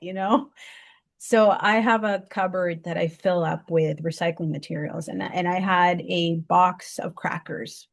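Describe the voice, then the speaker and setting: A woman interview guest telling a personal story in conversation, heartfelt, often stopping to restart and repeat words. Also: moderate pace. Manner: heartfelt, lively pitch swings.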